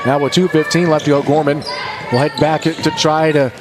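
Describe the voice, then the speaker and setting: A man calls a high school basketball game play by play, his voice sitting a little high. He mixes quick calls of the action with easygoing jokes to his partner. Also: flat delivery, background noise. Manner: jokey, quick banter between calls. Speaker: play-by-play announcer. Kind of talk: sports commentary.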